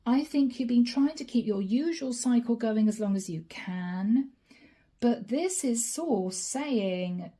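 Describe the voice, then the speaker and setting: A woman delivers a channeled tarot reading, talking straight to the listener and calling them by their star sign. Her voice sits a little high but sounds deeply mellow and warm. She keeps the talk animated, then drops to a near whisper each time she names a card. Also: measured pace. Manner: drops to a soft whisper when naming cards. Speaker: tarot reader.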